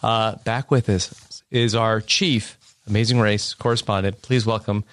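A man's voice: on the low side, fairly even intonation, a little slow, fairly bright tone, no room sound. Man, podcast host, bantering, upbeat, recording at home, dry close sound. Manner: upbeat, bantering, uses fillers. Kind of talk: casual podcast chat. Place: home apartment.

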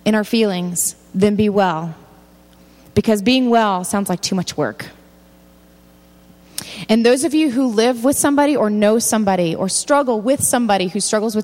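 A woman's voice: medium pitch, moderate pace, darkish tone. A woman giving a sermon, reading scripture aloud and stopping to comment directly to her listeners. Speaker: speaker giving a faith talk. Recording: long hall reverb.

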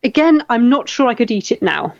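A woman's voice: on the high side, sing-song, brisk, gravelly, no room sound, highs cut off. A middle-aged English woman hosting a casual chat, reading out viewer comments and often repeating her words. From England.

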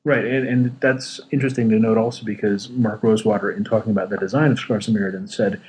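A man co-hosting a casual podcast, dry in tone and quick when reading card text. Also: lowish voice, steady tone, darkish tone, slight background noise. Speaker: podcast co-host.

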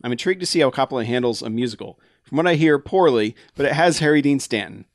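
A man's voice: medium pitch, expressive, quick pace, no echo, studio quality. A man co-hosting a podcast, reading a listener's email aloud in a casual, laughing way. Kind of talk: casual chat.

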